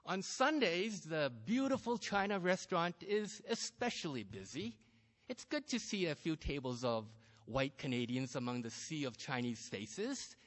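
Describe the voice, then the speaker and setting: Male story reader, understated and wry, high-pitched and animated, in a reverberant space. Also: measured pace. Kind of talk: first-person story reading.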